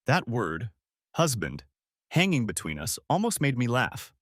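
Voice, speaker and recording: A man's voice: mid-range voice, wildly swooping pitch, unhurried, fairly bright tone, no echo, clean studio sound. A man narrating a first-person drama story, cold and controlled in tone.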